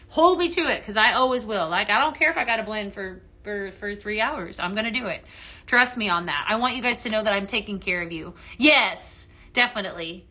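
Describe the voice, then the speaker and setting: A woman's voice: on the high side, pushed and bright. A woman hosting a live shopping stream, chatty and gushing, with many fillers, talking while she moves around handling products. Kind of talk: live sales stream chat.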